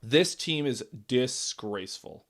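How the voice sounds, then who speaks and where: A man's voice: mid-range voice, expressive, slow pace. A man doing live reaction commentary on a football game, calling plays and reacting with exasperation. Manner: exasperated, frequently shouts and laughs in disbelief.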